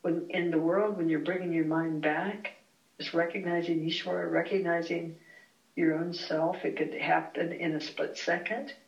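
Reflective teacher leading a small home class, unhurried and searching for words, with the mic across an echoey room. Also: mid-range voice, flat delivery, gravelly. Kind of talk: relaxed classroom explanation. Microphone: far from the speaker. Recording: roomy, distant, dull home recording.

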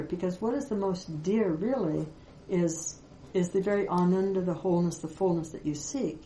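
A woman spiritual teacher giving a reflective Vedanta talk, with many pauses and fillers. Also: on the low side, warm tone, roomy sound, slight background noise, low-quality recording.

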